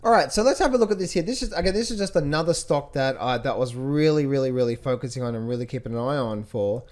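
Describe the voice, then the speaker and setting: A man's voice: mid-range voice, lively intonation, fast. A man teaching chart reading over a screen share, asking rhetorical questions and repeating key phrases. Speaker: trading instructor.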